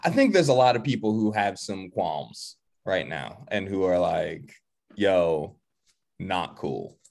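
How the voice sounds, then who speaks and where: A man's voice: deep voice, animated, normal speed, creaky, a little mellow. A man co-hosting a casual chat over a video call, opinionated and full of jokey asides. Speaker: podcast co-host. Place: home, remote video call.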